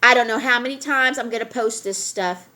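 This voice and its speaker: Woman vlogger, slightly high voice, emphatic lecturing rant to camera. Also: fairly quick, bright, forceful tone. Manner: emphatic, lecturing, repeats points. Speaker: vlogger addressing viewers.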